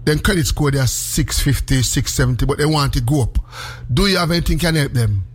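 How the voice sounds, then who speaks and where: A man's voice: mid-range voice, a little fast, slightly rough. A man hosting a radio show, chatting in a jokey, casual way. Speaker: radio host.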